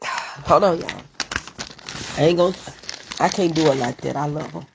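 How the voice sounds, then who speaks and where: A woman's voice: low-pitched, normal speed, creaky, background noise. A woman hosting a casual live stream, chatting straight to her viewers and answering their comments. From United States. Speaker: livestream host reading viewer comments.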